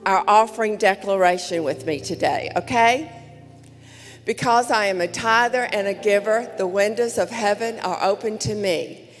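A woman with a mid-pitched voice leads a congregation through an offering declaration. Her words ring out in a large hall with long reverb, and soft music plays underneath. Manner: slow, emphatic declaration. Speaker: pastor leading the offering. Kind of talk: church service, leading a spoken declaration. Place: large church sanctuary.

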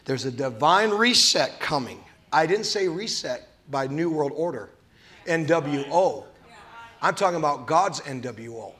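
A man preaching a sermon at a church service, exuberant and loud at times, then dropping to a hushed, tender voice. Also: on the high side, expressive, unhurried. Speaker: pastor.

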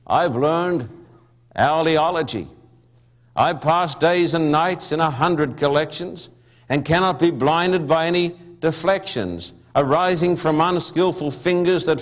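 A preacher reading aloud as a pompous young man who is sure he knows best, lecturing with indignant fussiness. He speaks slowly in a fairly high voice. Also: close to an everyday voice. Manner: indignant, lecturing, know-it-all. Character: pompous young man, self-styled owl expert.

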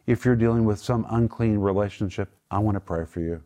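Speaking briskly in a mellow, lowish voice, a middle-aged man hosts a Bible study. His earnest, emphatic preaching turns into spoken prayer, and he takes time to carefully unpack the meaning of words.

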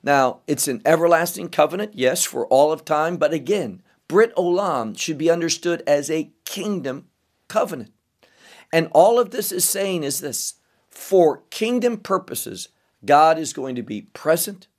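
A man's voice: fairly high pitch, lively intonation, unhurried. A man teaching scripture verse by verse, reading each verse aloud and explaining the Hebrew words. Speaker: Bible teacher.

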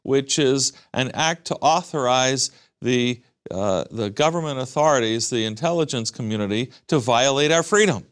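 A man's voice: medium pitch, lively intonation, normal speed, few pauses, clear, resonant tone. A man from the United States answers as an interview guest. His delivery is emphatic, and he stacks repeated words into lists for force. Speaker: guest commentator.

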